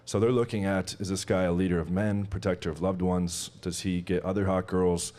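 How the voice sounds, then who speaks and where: A man appearing as a guest dating coach on a podcast, explaining his advice in quick, rambling casual talk. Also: low-pitched, level tone, mellow. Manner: explains with quick run-on sentences full of "like".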